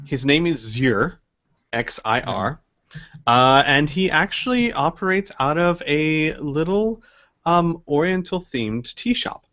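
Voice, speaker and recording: A man's voice: a little high, animated, slow pace, fairly bright tone, highs cut off. A man narrating a tabletop game as game master, hesitant and rambling with many restarts.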